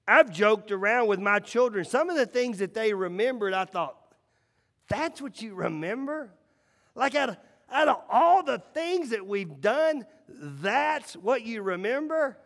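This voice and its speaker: A middle-aged man preaching a sermon, telling stories and swinging between loud and hushed lines. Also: sits high, lively intonation, normal speed. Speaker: pastor. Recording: echoey hall reverb.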